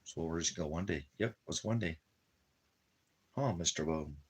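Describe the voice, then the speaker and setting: A man's voice: deep voice, normal speed, husky. A man talking casually at home, rambling and repeating himself, cooing to his dog and drifting into preachy religious talk. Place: at home in the desert.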